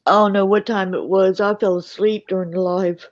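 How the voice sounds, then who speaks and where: A woman's voice: mid-range voice, flat delivery, normal speed. A woman chatting easily as a guest on a call, laughing along, heard over dull lo-fi call audio. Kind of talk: casual chat.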